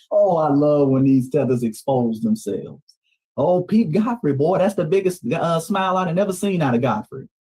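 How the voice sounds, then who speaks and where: A man's voice: a little high, expressive, normal speed, warm tone, breathy edge, poor audio. A man from Atlanta with a Southern US accent, hosting a clip commentary stream in an emphatic, repetitive way that speaks straight to his audience. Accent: Southern US (Georgia). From Atlanta, Georgia, US. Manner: emphatic, repeats lines, calls out to the audience. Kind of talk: livestream commentary on clips.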